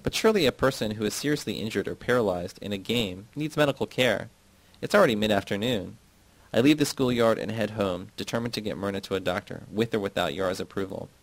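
A man reading a novel aloud in the first person, with plain, even narration. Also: lowish voice, fast, rough recording. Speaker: audiobook reader.

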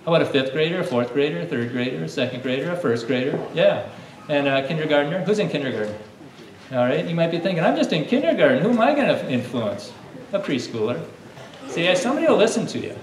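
A man leading a lively lesson for a room of children, coaxing them to call out answers like a coach. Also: fairly high pitch, fast. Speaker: children's teacher. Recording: echoey room, distant mic, faint hum.

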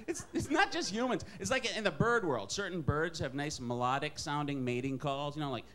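A man from Wisconsin doing a wry, self-deprecating stand-up comedy set, jumping into high put-on voices for characters. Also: expressive, normal speed, heavy background noise.

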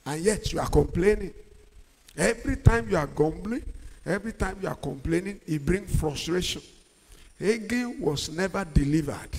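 A middle-aged man preaching a sermon, using call-and-response and swinging from quiet talk to shouts. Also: high-pitched. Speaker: pastor. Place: large church hall. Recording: long church-hall reverb.

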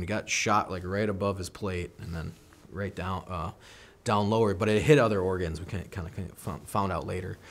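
An American man in his thirties, a military veteran, telling an intense first-person combat story in an interview, acting out what people said. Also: fairly low pitch. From United States. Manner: intense first-person combat recounting, acts out quoted lines.

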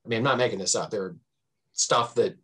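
Husky-voiced man telling history stories. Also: quick pace. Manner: animated, swings pitch for emphasis; frequent fillers and restarts. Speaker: history professor guest. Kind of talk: conversational storytelling.

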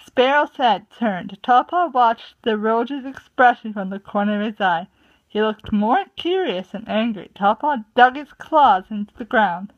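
A woman reads a storybook chapter aloud at a slow, careful pace, often tripping over words and correcting herself. Her voice sits fairly high. The recording is dull and lo-fi. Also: expressive. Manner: stumbling, self-correcting reading. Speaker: reader. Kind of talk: amateur audiobook reading. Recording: muffled lo-fi home recording.

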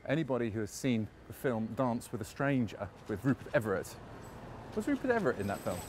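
A man's voice: mid-range voice, very animated, a little fast, noisy background. A man chatting casually as he leads a walking tour outdoors, full of anecdotes and frequent chuckles. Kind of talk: casual guided walk narration. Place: outdoors on a park walk.

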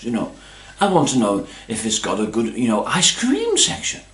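A man's voice: mid-range voice, huge pitch swings, normal speed, hardly any pauses, a bit bright. Pompous rambling man, roomy echo. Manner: long-winded, pompous, constantly adding "you see" and "you know". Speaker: comic storyteller. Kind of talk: rambling comic monologue.

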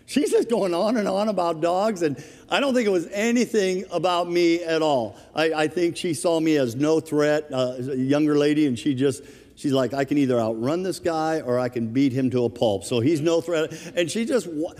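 High-voiced preacher in a reverberant hall. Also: male voice, a little mellow. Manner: humorous, conversational storytelling. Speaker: preaching minister. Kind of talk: sermon. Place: church sanctuary.

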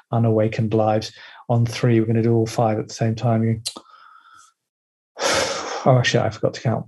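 A man teaching an online workshop in a playful, animated way, slipping into the voices of people's inner critics. His voice is dark and mellow, with a husky edge. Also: on the low side.

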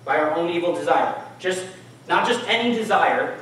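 Male preacher, chatty sermon, slightly higher voice, heard from far off in a church. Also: lively intonation, brisk, fairly bright tone. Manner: casual, conversational preaching with audience questions. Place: church hall. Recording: echoey church hall, mic from far off.

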